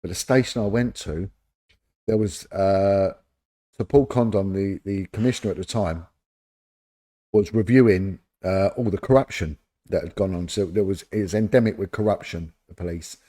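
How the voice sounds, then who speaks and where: His voice sits low and moves at a normal speed, carrying a London accent. The middle-aged former police detective guests on a podcast, relaying animated anecdotes in a casual interview and acting out quoted voices.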